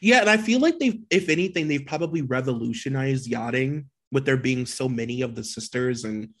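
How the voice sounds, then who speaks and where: A man's voice: mid-range voice, a little fast. A man co-hosting a podcast, reading gossip blind items in a mocking tone and chatting casually. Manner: reads aloud in an exaggerated, mocking tone, laughs easily. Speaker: podcast co-host.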